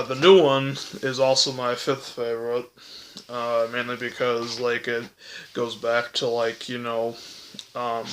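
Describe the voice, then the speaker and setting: Bright-voiced young man rambling casually. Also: mid-range voice, a little hiss or hum. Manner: rambling, heavy fillers and self-corrections. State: hiccups, voice cracking. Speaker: movie reviewer. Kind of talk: casual ranking chat.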